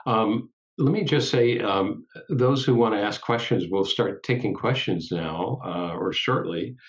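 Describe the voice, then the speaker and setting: A man hosting a live online talk over a video call, speaking slowly and gently. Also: fairly low pitch, lo-fi sound. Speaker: interview host.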